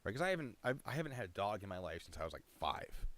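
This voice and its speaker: Rambling low-voiced man streaming live. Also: big pitch swings, racing, fairly bright tone. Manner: rambling, self-interrupting, chatty. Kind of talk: casual live-stream chat.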